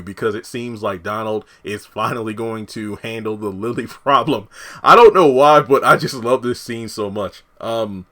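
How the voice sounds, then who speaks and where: A man's voice: fairly low pitch, moderate pace, bright, forceful tone. A man reviewing a TV episode, recapping the plot in a loose, rambling way with frequent fillers and restarts.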